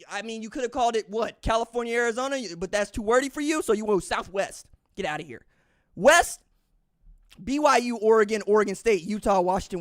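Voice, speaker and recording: Apresentador de podcast esportivo, voz alta e aguda, falando em tom de deboche e incredulidade. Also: male voice, extremely high pitch, a bit bright. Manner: incredulous, mocking rant. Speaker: podcast host. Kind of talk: opinionated sports commentary.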